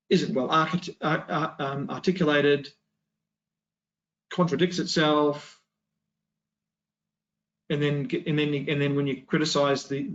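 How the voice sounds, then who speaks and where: A man's voice: fairly high pitch, fairly bright tone, lo-fi sound, a little hiss or hum. A man teaching an adult Sunday school class, talking in a loose, conversational way with many restarts and rhetorical questions.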